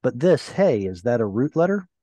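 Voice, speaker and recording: A man leads an online Hebrew lesson, his voice mellow and dark. He explains grammar points patiently and step by step. The sound is dry and close, with no room echo. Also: medium pitch, very animated, normal speed. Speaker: Hebrew teacher. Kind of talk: online class discussion. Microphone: video call.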